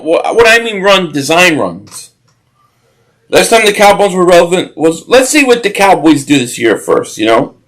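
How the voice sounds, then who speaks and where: A man's voice: sits high, fairly bright tone, low-quality recording. A man hosting a live-stream football watch party, chatting loosely, reading viewer comments and reacting to plays while often restarting his sentences. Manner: rambling, restarts sentences, reacts to the game and chat.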